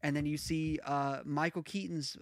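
Chatty man, slightly high voice. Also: steady tone, moderate pace, dry recording, studio quality. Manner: talkative, lays out theories with many restarts. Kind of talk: casual film discussion.

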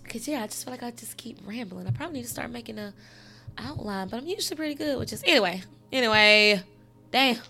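A woman's voice: a little high, animated, quick pace, gravelly, fairly bright tone, faint music behind. A woman hosting a casual spiritual podcast, rambling and direct, often saying "you know" and swearing now and then. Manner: advising, direct, occasional swearing. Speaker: podcast host.

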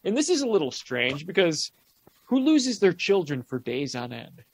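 High, lively man recapping a movie wryly. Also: moderate pace, slightly rough. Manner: wry, joking plot recapper. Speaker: podcast co-host recapping a movie. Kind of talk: casual comedic movie commentary.

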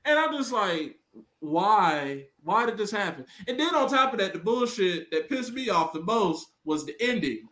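A high-pitched man with a lively, swooping delivery runs a casual wrestling podcast chat. He tells stories with cursing and loud acted-out quotes. His bright, forceful voice rings in an echoey room. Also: normal speed, hardly any pauses. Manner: animated storytelling, profane, mimics quotes loudly. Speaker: podcast co-host.

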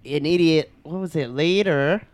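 A man's voice: on the high side, normal speed, dry recording. A man hosting a casual podcast, laughing a lot and telling childhood stories. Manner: laid-back, laughs often, tells childhood stories. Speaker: podcast host.

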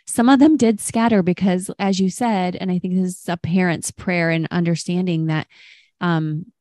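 A woman's voice: on the low side, fairly even intonation, moderate pace, darkish tone, no echo, clean studio sound. A woman hosting a faith conversation, reflecting back and affirming what her guest shares. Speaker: host.

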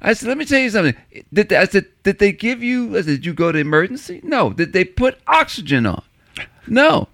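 A man's voice: sits high, very animated, a little fast, creaky, a bit bright, dry recording. A man telling a story in casual chat, acting out both sides of a phone call with big swings in his voice.

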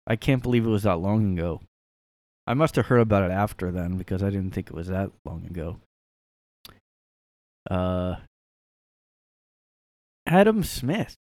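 A man's voice: low-pitched, big pitch swings, measured pace, long pauses, a little mellow, no room sound, clean studio sound. A young man hosting a casual solo podcast from his room, rambling and sarcastic with lots of fillers. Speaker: podcast host.

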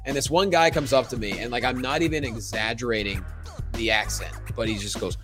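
A man's voice: mid-range voice, fairly quick, over music. A man co-hosting a comedy podcast, joking playfully and telling stories. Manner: playful, storytelling, puts on voices. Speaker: podcast co-host.

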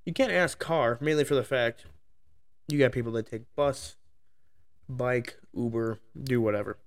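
A man's voice: mid-range voice, measured pace. A man hosting his own podcast, ranting heatedly about a topic into the microphone, swearing constantly. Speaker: podcast host. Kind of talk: solo profane rant podcast.

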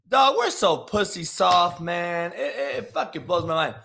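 Animated, bright-voiced man ranting about sports. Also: sits high, a little slow, vocal fry, hardly any pauses. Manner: heated, profane, repeats himself, bursts into shouts. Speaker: sports commentator. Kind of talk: profane sports rant.

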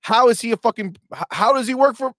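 A man's voice: extremely high pitch, fast talker, fairly bright tone, no echo, clean studio sound. A man co-hosting a livestream show, ranting heatedly and swearing a lot in casual chat. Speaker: co-host.

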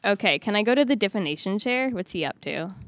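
A woman speaking as a player in a tabletop game, halting, with restarts. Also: medium pitch, animated, a bit bright, no room sound. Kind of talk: casual role-play.

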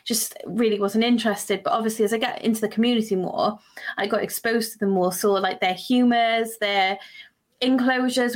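A woman co-hosting a podcast, telling a story in enthusiastic casual chat with fillers. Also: medium pitch. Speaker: podcast co-host.

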